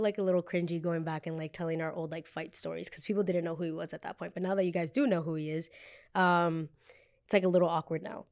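Animated young woman telling a story. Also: on the low side. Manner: animated, quotes others in raised voices. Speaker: podcast host. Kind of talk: casual storytelling.

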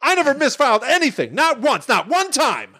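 A frantic man ranting, voice shooting way up high and yelling, wild swoops. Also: huge pitch swings, fairly quick, heavily acted. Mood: ranting shout. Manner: shrill, yelling, climbing into a shout. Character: frantic ranting man doing an alphabet tirade.

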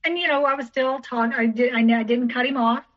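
Woman, podcast guest, recounts her past in a rambling, repetitive way; fairly high voice; muffled lo-fi recording. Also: fairly even intonation, a little fast. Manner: rambling, repeats herself, acts out others' lines. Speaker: teacher. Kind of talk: personal storytelling in an interview. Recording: dull lo-fi recording.

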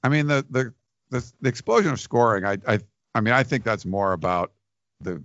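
A man's voice: mid-range voice, lively intonation, brisk, a bit bright, no echo, lo-fi sound. A man co-hosting a podcast in casual chat, rambling with restarts and fillers. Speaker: podcast co-host.

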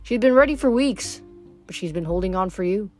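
A woman's voice: medium pitch, lively intonation, brisk, soft background music, lightly acted. A woman reading as a blunt, offhand war god. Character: calm, impassive male war god.

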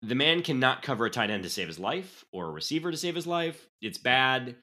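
A man co-hosting a sports podcast, talking in a lively, swinging voice. His tone is bright and he reels off numbers bluntly. It is loose, casual chat between friends. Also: medium pitch, brisk. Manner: animated, stat-heavy, blunt. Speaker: podcast co-host.

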